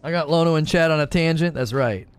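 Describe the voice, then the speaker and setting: A male livestream host talks through his thoughts in a loose, rambling way, breaking off for quick asides and reading chat comments. His slightly high voice has a clear, resonant tone, with soft music underneath and no room sound.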